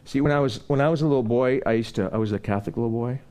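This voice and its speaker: A man preaching a sermon, telling personal stories in a rambling, conversational way and building into animated preaching. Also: medium pitch, very fast.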